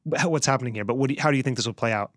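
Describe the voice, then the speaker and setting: A man hosting a political podcast, briskly adding facts and steering the talk. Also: medium pitch, no echo, studio quality. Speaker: podcast host.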